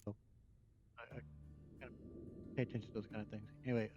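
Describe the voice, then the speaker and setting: A man's voice: fairly low pitch, level tone, brisk, background noise. An American man giving casual game commentary, rambling and hesitant as he talks over gameplay. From United States. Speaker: let's play commentator. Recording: dull lo-fi mic over game music.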